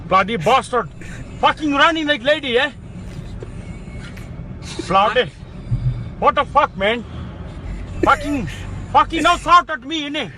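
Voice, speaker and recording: A man putting on a shrill furious cursing man. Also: fairly quick, few pauses, slight background noise, heavily acted, poor audio. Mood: furious yelling. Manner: swearing, broken English, shouting. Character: furious yelling man cursing in a road squabble. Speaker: streamer doing a skit voice.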